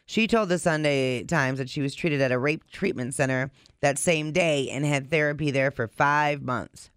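A man's voice: a little high, normal speed, a bit bright, clear, resonant tone, no room sound, clean studio sound. A man co-hosting a casual podcast, reading out news reports and adding blunt asides of his own. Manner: reads reports then adds blunt asides. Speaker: podcast co-host.

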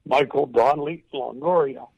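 On a tinny phone call, an older former baseball coach shares a moving story from his life. His mid-range voice is creaky, darkish and slightly rough, and he halts and repeats words as he starts to cry.

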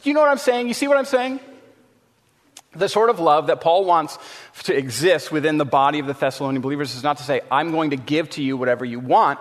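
A man's voice: a little high, fairly quick. A man in his thirties, a pastor preaching a sermon, earnest and repeating phrases for emphasis, sometimes telling a family story. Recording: hall reverb with faint room ambience.

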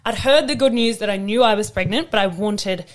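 A young woman with an Australian accent talks in a lively, unfiltered way. She swears freely and throws herself into acting out the people in her stories. Her pitch sits in the middle for a woman. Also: brisk. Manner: animated storytelling, swears freely, acts out quotes. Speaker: podcast co-host. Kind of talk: casual chat.

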